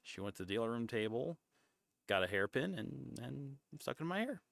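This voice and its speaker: A man streaming a casual chat, rambling and often cutting himself off mid-thought, sometimes dropping into soft, breathy asides. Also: medium pitch, very animated, brisk, dry recording. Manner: rambling, self-interrupting and chatty.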